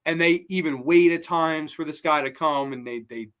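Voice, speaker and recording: A man hosting a horror movie review show, chatting casually, swearing freely and retelling scenes with excitement. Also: a little high, moderate pace, clear, resonant tone.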